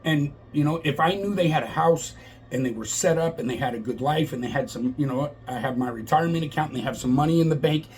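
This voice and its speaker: A man's voice: fairly high pitch, fast, a little mellow, a little hiss or hum, low-quality recording. A middle-aged man vlogging an impassioned, exasperated political rant to his viewers.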